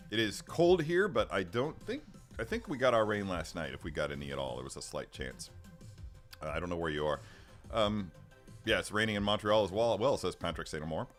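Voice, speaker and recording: This middle-aged livestream host has a low voice with a fairly bright tone. He keeps things casual, rambling, starting over often, and giving little chuckles while reading the chat, recorded through a studio microphone over faint background music.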